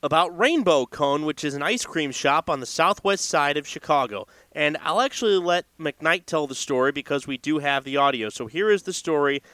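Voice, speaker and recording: A man's voice: on the high side, expressive, moderate pace, few pauses, a bit bright, dry recording. A man hosting a podcast, speaking earnestly in a reflective tribute monologue. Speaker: podcast host.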